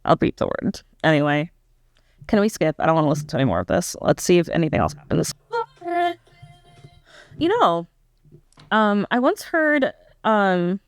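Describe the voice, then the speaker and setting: A young woman with a low voice gives an honest, casual reaction review of a pop album, thinking out loud hesitantly with plenty of "um" and "like." She questions her own views, and the recording is studio quality with no echo.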